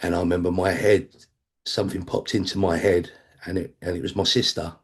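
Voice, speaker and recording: Man, recovery meeting share, blunt conversational delivery, swearing, low voice. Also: little pitch movement, fairly quick, breathy edge. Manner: acts out other people's voices. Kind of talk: personal recovery testimony.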